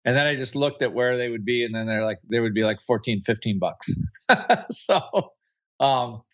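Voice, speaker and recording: A man's voice: mid-range voice, lively intonation, normal speed, lo-fi sound. A man co-hosting a markets podcast, casually and hesitantly recounting his trades. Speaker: co-host, trader.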